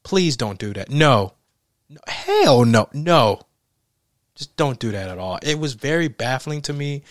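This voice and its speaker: A man tears into a movie in a loose, profane rant. He sounds exasperated and breaks into laughter often. His voice sits at a medium pitch and is recorded close and dry, with no room sound. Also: lively intonation, normal speed, a bit bright, no room sound. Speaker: movie reviewer. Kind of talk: casual film review rant.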